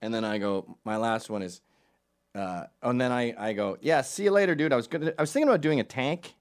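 A middle-aged man from Canada telling a funny personal story in a loose, animated way, acting out the voices of everyone in it. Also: on the low side, fairly quick, clean tone. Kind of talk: comedic storytelling.

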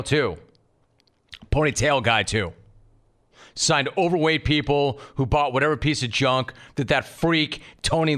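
A man hosting a sports talk radio show, riffing in an animated way and mock-scolding his producer. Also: mid-range voice.

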